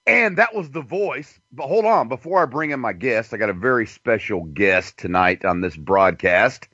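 A man's voice: medium pitch, expressive, normal speed, bright, forceful tone, breathy edge, dry recording. A man hosting a talk radio show, rambling and crude, with a joking manner. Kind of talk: casual talk radio monologue. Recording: dull dry lo-fi sound.

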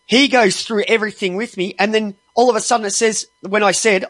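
High-voiced man ranting, dry sound. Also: steady tone, fairly quick, fairly bright tone, no room sound. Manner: heavily profane, exasperated; restarts and stumbles when worked up. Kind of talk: angry ranting monologue.

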